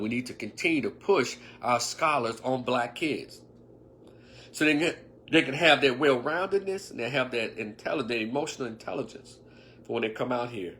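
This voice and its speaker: With a pushed, bright, mid-range voice, a man in his fifties gives his opinions casually on a livestream as an online commentator. He is emphatic and preachy, muttering asides and making sarcastic remarks, over slight background noise.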